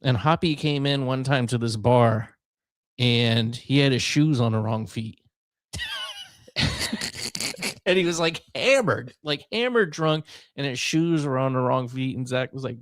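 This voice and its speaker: Easygoing guy radio cohost, mid pitch, chuckles along, dry sound. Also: a little slow, no room sound. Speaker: radio show co-host. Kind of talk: casual radio chat. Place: radio studio.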